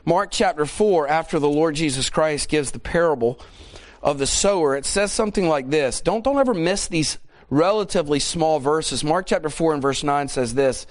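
Male pastor in his forties, slightly higher-pitched, delivers an animated and emphatic sermon. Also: moderate pace. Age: 40s. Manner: animated storytelling, emphatic repetition.

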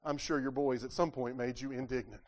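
A man's voice: medium pitch, fairly even intonation, brisk. A man preaching a sermon, asking his listeners rhetorical questions, repeating words as he goes, and acting out the voices in the scripture stories. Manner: asks the congregation rhetorical questions; acts out quoted voices from scripture.

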